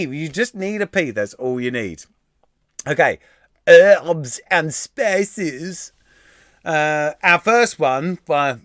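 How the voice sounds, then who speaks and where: A young man with a fairly high voice, rattling through quiz answers on a live stream from home. He talks in a chatty, irreverent way, swearing casually and restarting his sentences with plenty of "uh"s. The sound from his desk microphone is close and dry. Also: pushed and bright, no room sound. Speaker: quiz host. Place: at home, room near a kitchen.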